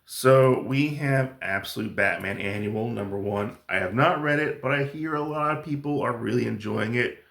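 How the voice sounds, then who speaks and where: Chatty man with a gravelly voice. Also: mid-range voice, normal speed, a bit bright, echoey room. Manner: enthusiastic, rambling with fillers. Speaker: comic book YouTuber. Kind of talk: casual haul review.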